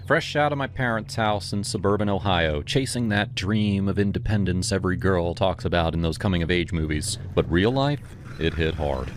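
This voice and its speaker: A man reading a first-person horror story as scripted narration, steady and even. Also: deep voice, background noise. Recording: narration over loud music bed.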